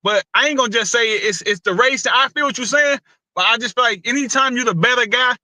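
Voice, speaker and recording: A man's voice: extremely high pitch, a little fast, pushed and bright, no echo, poor audio. A man hosting a casual boxing talk show, loose and opinionated, with a lot of slang and repeated words. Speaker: boxing podcast host.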